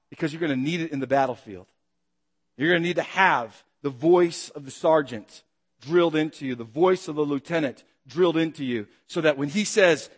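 A man preaching a sermon, asking the congregation rhetorical questions and acting out calls and shouts. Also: fairly high pitch, breathy edge, in a large hall. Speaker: pastor.

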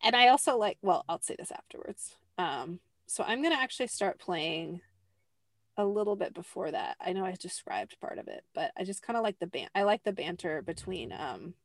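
A woman's voice: lowish voice, expressive, normal speed, dry recording. Chatty young woman host, dry sound. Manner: chatty, fills with "like", acts out quotes. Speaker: podcast host. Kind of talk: casual chat.

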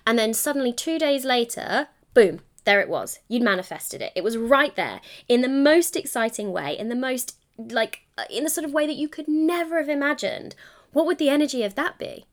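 A woman's voice: on the high side, animated, normal speed, a bit bright. A young woman hosting a solo podcast, talking in a chatty, encouraging way and correcting herself mid-sentence. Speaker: podcast host. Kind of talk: solo coaching podcast monologue.

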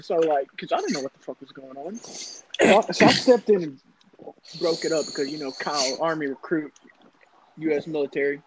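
A young man telling a rambling, profane story to friends in casual chat. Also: a little high. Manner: profane, rambling, animated anecdote. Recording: noisy casual recording.

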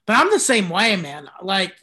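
A stand-up comedian chatting casually on a podcast, telling slangy, laid-back stories and acting out little bits. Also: male voice, high-pitched, very animated, normal speed, sharp tone.

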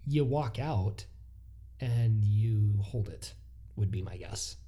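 A man's voice: fairly low pitch, slow pace, warm tone, breathy edge. A man co-hosting a casual podcast, retelling listener stories with incredulous animation. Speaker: podcast co-host.

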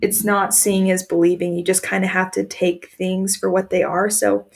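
Young woman, podcast co-host, gravelly low-end fry, candid rambling storyteller. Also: level tone, moderate pace. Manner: candid, emotional storytelling with frequent "like" fillers. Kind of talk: casual chat, personal storytelling.

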